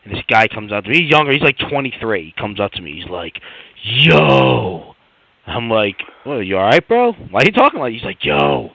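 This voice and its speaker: A man's voice: lowish voice, quick pace, hardly any pauses, no echo, rough recording. A man co-hosting a podcast, telling a story in casual chat, swearing often and mimicking the people in it. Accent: New York. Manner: animated, swearing, mimics a coworker. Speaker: podcast co-host.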